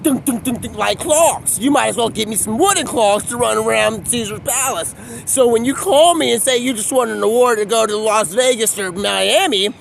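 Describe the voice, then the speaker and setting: Live-streaming on his phone from a city street, a man delivers a rambling, free-associating monologue that jumps between topics. His voice is very high-pitched, gravelly and fairly bright, with a little hiss or hum in the audio.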